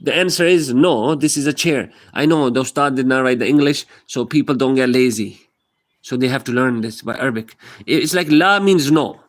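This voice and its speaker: A man's voice: mid-range voice, moderate pace. Male streamer with a mid-range voice, casually walking viewers through basic Arabic, repeats phrases and jokes about himself. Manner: repeats phrases, chatty, self-deprecating asides. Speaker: live stream host.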